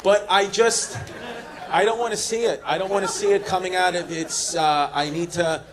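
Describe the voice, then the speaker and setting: A male stand-up comedian doing brash, teasing crowd work, throwing quick jokes at audience members on a club stage. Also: high-pitched, steady tone. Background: audience laughter.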